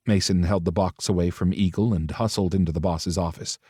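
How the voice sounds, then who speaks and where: A man's voice: low voice, steady tone, fairly quick, mellow, breathy edge, dry recording, studio quality. A man narrating a romance audiobook, switching into different voices for the characters' dialogue.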